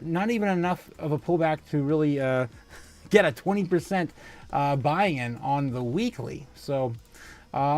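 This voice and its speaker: A man's voice: fairly high pitch, darkish tone. A man hosting a casual livestream, reading out viewer comments, laughing often and trailing off into fillers and exclamations. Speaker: livestream host.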